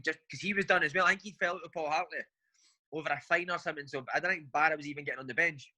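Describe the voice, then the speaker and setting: A man's voice: on the high side, steady tone, rapid-fire, bright, forceful tone, low-quality recording. A man, a footballer, chatting casually in an interview and telling long anecdotes, forever saying "mate". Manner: chatty storytelling, says "mate" constantly. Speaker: footballer guest.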